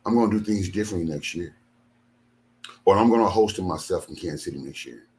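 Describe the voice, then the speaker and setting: Angry deep-voiced older man venting. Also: lively intonation, fast talker, a little mellow. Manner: aggrieved, repetitive, emphatic. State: tired after a sleepless night. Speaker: ministry leader. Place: home studio.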